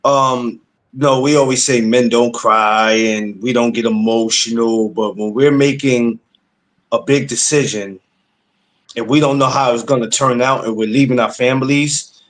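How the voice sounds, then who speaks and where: A man hosting a podcast, asking probing questions in a relaxed, casual chat. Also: medium pitch. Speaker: podcast host.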